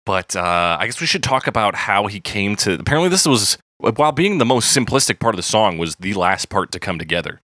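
A man with a very low voice and a bright, forceful edge talks through a song with his co-host. He is casual and animated, laughing often. The recording is dry and close. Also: a little fast, hardly any pauses, no room sound. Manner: animated, laughing, reads lyrics aloud. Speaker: podcast co-host. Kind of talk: casual chat about music.

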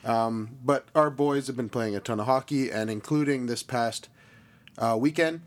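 A man with a hoarse, worn voice, chatting casually as a podcast co-host and laughing often. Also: medium pitch, normal speed. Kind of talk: casual chat.

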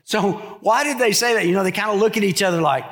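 A middle-aged man preaching a sermon, telling stories and acting out quotes with sudden high shouts. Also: fast talker. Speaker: pastor.

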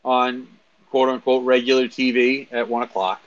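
A man co-hosting a sports talk show, dry and teasing, often stumbling over his first words. His voice sits at a middle pitch, and the sound is dry and slightly dull, like a lo-fi recording. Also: flat delivery, dry recording. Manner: dry, teasing, halting restarts. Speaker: co-host. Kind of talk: casual sports chat.

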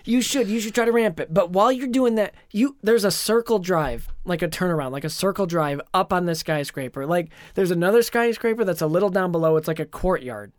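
A man co-hosting a podcast, telling a long dream in a rambling, animated way with lots of fillers. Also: high voice, fairly quick, hardly any pauses, no echo, clean studio sound. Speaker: podcast co-host. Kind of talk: casual chat, retelling a dream.

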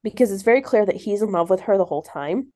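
On a book podcast, this female co-host talks fast with lively intonation, enthusiastic and laughing between comments during a casual review chat. Her medium-pitched voice is mellow.

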